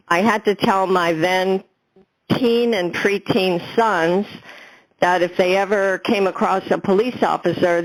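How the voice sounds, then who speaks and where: A woman speaking at a town hall, measured and hesitant, often pausing with fillers. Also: lowish voice. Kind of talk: personal statement.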